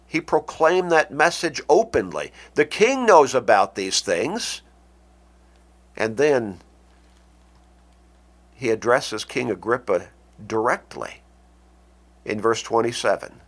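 A man preaching a sermon, speaking deliberately with dramatic pauses. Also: medium pitch, fairly bright tone.

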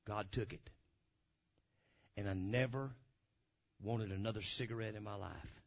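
A man telling a testimony in a sermon, swinging from loud hollering to low, quiet asides. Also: unhurried, gravelly. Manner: animated storyteller, swings from hollering to low murmurs. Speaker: preacher. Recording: dull lo-fi recording.

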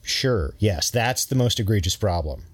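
A man's voice: deep voice, animated, normal speed, darkish tone, breathy edge. A man voicing Santa's dry, ironic companion with a slight Minnesotan accent.

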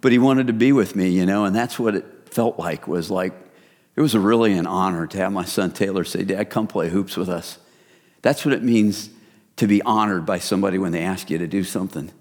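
A middle-aged man preaching a sermon as pastor, in a relaxed, conversational way that speaks to listeners as "you guys". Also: low-pitched, brisk. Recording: reverberant hall.

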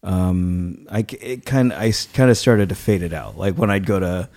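A man in his thirties telling a story in casual chat as a podcast co-host, acting out the people he quotes. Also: moderate pace. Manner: animated storytelling, acts out quoted people with rising pitch.

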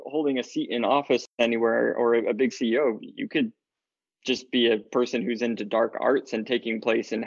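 A man's voice: mid-range voice, no echo. A man talking earnestly and laughing often as a guest in a casual podcast chat about faith, with dull lo-fi sound.

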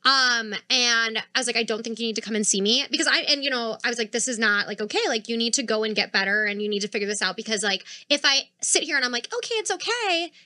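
A woman's voice: a little high, fast, hardly any pauses, no echo. A young woman co-hosting a podcast, telling a long story in casual chat, cursing freely and acting out the people she quotes. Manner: animated, swears freely, acts out quoted dialogue. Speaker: podcast co-host.

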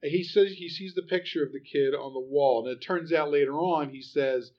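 A man's voice: on the high side, normal speed. A man casually discussing a film on a podcast, rambling with many restarts. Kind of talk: casual movie review chat. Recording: dull lo-fi recording.

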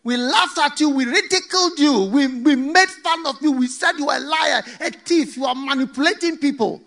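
A man's voice: extremely high pitch, moderate pace, vocal fry, fairly bright tone, heavily acted. A man voicing a panicked drowning crowd that pleads for rescue, wailing and slipping into laughter. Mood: begging.

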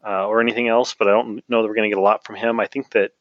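A man playing a tabletop game speaks in a measured, careful way, pausing on frequent fillers. The sound is dry and a little dull. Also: lowish voice, level tone, no echo. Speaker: player. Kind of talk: tabletop game play and in-character talk.

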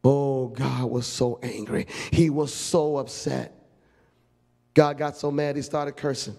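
A man's voice: medium pitch, steady tone, slow pace, vocal fry, darkish tone. A male pastor preaching a fervent, emphatic sermon, telling a story with feeling.

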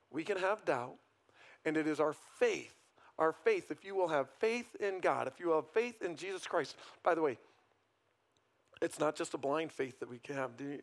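A man with a rather high voice delivers a morning sermon in a conversational, questioning way. He leans on tag questions and lets his voice swell and then fall to a hush to drive home a point. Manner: conversational preaching, frequent "right?" tag questions. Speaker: pastor.

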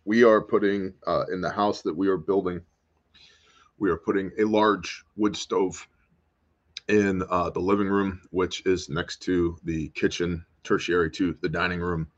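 A man's voice: sits low, level tone, a little slow, dull audio. An American man hosting a livestream, chatting casually, joking around and answering viewer comments. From United States. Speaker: host. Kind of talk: casual livestream talk reading chat.

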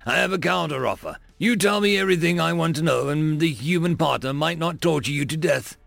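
A man's voice: on the high side, fairly quick, gravelly, fairly bright tone, no echo, soft background music, pitched above the performer's own voice. A man voicing an irritable alien mercenary who sneers and threatens a prisoner, in a story reading. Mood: menacing.

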